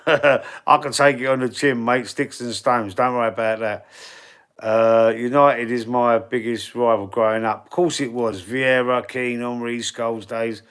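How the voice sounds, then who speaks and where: A man's voice: mid-range voice, steady tone, unhurried, a bit bright, clear, resonant tone. A man with a Cockney accent, hosting a casual live stream as a football fan, reading chat and rambling in a laid-back, slangy way. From England. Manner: chatty, rambling, repeats words and restarts. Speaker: football fan livestream host.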